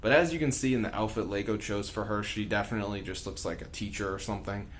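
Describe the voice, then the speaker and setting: A man's voice: on the low side, fast, a little hiss or hum. A man reviewing building toys in a casual vlog, rambling and hesitant, with lots of fillers and self-corrections. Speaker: toy reviewer.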